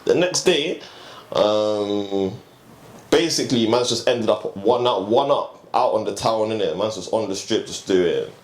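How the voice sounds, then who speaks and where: A young man guesting as a DJ tells a story in slangy, animated, casual chat, laughing often. His voice is fairly low and unhurried, and the recording has a roomy echo with a faint hum behind it.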